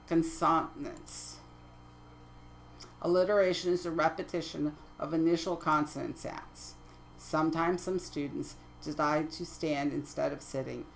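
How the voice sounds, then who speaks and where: A woman's voice: low-pitched, gravelly, slight background noise, poor audio. A woman teaching poetry terms in a lecture over slides, reading definitions steadily and correcting her own slips. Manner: methodical, reads definitions aloud, self-corrects slips.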